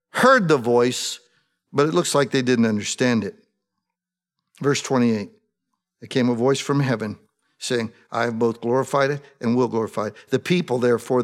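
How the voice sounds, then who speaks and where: A man's voice: a little high, fairly bright tone, in a large hall. A man preaching a sermon, addressing the congregation and acting out quoted prayers with feeling.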